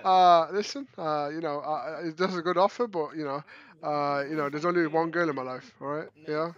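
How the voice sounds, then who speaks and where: A man's voice: on the high side, fairly even intonation, moderate pace, dull audio. A man with a Northern English accent hosting casual, joking gaming banter, full of swearing and tag questions. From northern England. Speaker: host.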